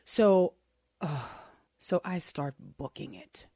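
A middle-aged woman co-hosting a casual chat, telling a story in an animated, self-deprecating way and laughing as she goes. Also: low-pitched, slow, slightly rough, no room sound, clean studio sound. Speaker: co-host.

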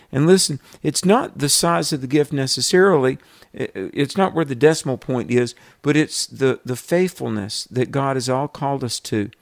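A man's voice: mid-range voice, no room sound, clean studio sound. A male radio host making an earnest fundraising appeal and telling stories to rally listeners.

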